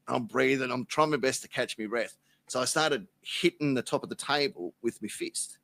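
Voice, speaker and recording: A man's voice: mid-range voice, moderate pace, creaky, pushed and bright. An Australian man, a podcast guest, telling a rambling, profane anecdote in casual chat. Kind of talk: casual storytelling.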